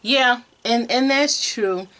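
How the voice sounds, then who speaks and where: A woman's voice: on the high side, slow, fairly bright tone. A woman, co-hosting a casual chat about toy collecting, talking in a candid, self-deprecating way.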